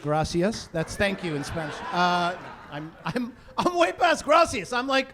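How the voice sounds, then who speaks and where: Stand-up comic, man in his forties, high voice, animated storyteller who ramps into fake outrage. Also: a little slow, crowd noise, noisy background. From Canada. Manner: animated storyteller building to mock-indignant rants. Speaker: stand-up comedian. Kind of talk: stand-up comedy routine. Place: comedy stage before a live audience.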